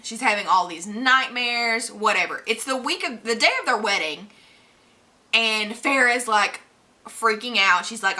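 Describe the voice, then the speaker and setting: A woman's voice: mid-range voice, moderate pace, bright, forceful tone. A woman recapping books she has read in a casual vlog, chatty and rambling, with lots of fillers. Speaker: book vlogger.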